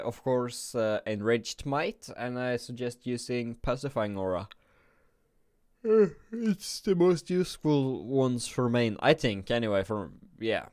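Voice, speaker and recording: Sleepy male game commentator, mid-pitch, dry close sound, rambling and self-correcting. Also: clean tone, no echo. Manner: rambling, thinking aloud with frequent restarts. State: drowsy, just woke up and yawning. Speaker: gaming video creator.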